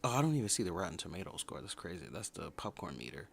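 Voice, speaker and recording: A man's voice: low voice, sing-song, fast, gravelly, hardly any pauses, slight background noise. A man hosting a casual livestream review, giving blunt opinions and repeating points for emphasis. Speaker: livestream host reviewing a TV show.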